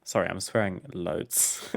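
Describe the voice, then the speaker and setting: A man with a fairly low voice talks over his gameplay, easygoing and frank. He drifts through a long personal story, laughing now and then and not minding a swear word. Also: steady tone, slow, vocal fry. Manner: chatty, candid, laughs and swears freely. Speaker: streamer.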